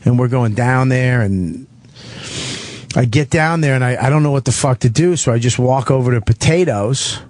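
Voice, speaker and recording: A man's voice: medium pitch, moderate pace, no room sound. Profane storytelling man on studio mic. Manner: profane, rambling, animated anecdote with voiced quotes. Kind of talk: casual storytelling. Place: radio studio.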